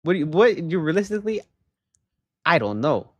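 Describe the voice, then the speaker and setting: Animated young male streamer ranting. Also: fairly high pitch, brisk, no room sound, muffled recording. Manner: animated, rambling, emphatic, says "bro" and "okay?". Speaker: livestreamer. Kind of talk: casual livestream chat.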